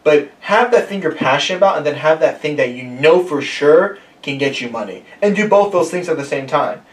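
A young man in his twenties hosts a relaxed podcast, his voice sitting a little high and rambling along with fillers. He sounds set back from the mic, and the room rings with echo. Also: fairly quick, recorded from a distance. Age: 20s. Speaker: podcast host. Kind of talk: casual podcast chat. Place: room shared with guests.

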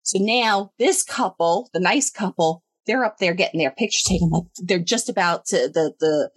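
A young adult woman telling a story in casual chat, animated and swearing freely. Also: moderate pace, husky, no room sound. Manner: animated, swearing, acts out quoted voices higher.

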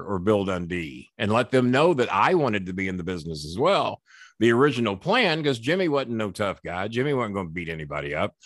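A man's voice: on the low side, fairly bright tone, no echo, studio quality. A man, telling salty, rambling stories as a podcast guest. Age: 60s. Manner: rambling anecdotal storyteller, salty. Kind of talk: storytelling interview.

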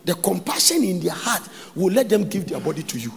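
Animated high-voiced Ghanaian preacher. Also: male voice, a little fast, vocal fry. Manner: preaching with sudden shouts and sung phrases. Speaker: pastor. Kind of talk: sermon. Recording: long hall reverb.

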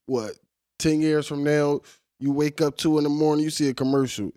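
A young American man co-hosting a casual chat, blunt and animated, with a lot of profane banter. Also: a little high, normal speed, no echo, clean studio sound. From United States.

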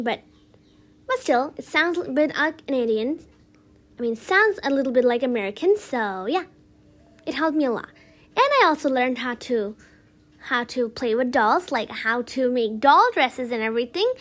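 A woman's voice: high voice, fairly bright tone. A woman hosting her own podcast, giving upbeat, chatty tips and filling her talk with "like" and "so". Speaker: podcast host.

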